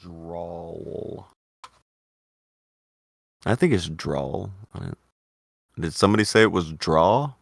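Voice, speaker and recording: A man hosts a casual chat show in a deep, gravelly voice. He argues animatedly and swears freely, his pitch leaping up when he pushes back. The sound is close and dry. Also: slow pace, long pauses, no room sound. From Indiana. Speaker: podcast host.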